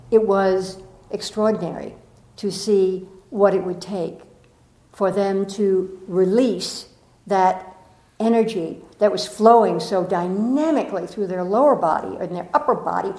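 Brief: woman, spiritual speaker, lively storyteller, mid pitch, echoey room. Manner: expressive storyteller, acts out quotes, laughs often. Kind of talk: inspirational talk to an audience.

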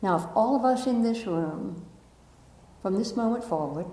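A woman giving a spiritual talk to a live audience, gentle and reflective, often laughing at herself and asking the room questions. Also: fairly high pitch, animated, moderate pace, echoey room, low-quality recording. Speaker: spiritual teacher.

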